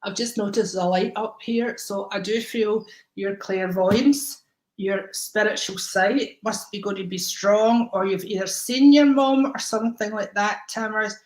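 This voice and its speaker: A woman's voice: medium pitch, measured pace, a little mellow. Affectionate woman medium, roomy sound. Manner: affectionate, calls viewers darling and honey; rambling, many ums and restarts. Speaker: psychic medium giving readings to viewers. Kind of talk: live-stream psychic readings.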